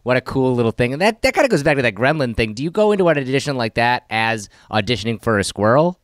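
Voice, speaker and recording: A man hosting a podcast interview, asking his guest questions with enthusiasm and halting fillers. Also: medium pitch, sing-song. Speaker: podcast host.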